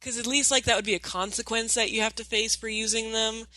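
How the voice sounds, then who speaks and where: A woman's voice: on the high side, steady tone, quick pace, pushed and bright, dry recording. A woman co-hosting a podcast, chatting casually about a show in a rambling, sarcastic, profane way. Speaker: podcast co-host. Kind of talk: casual show review chat.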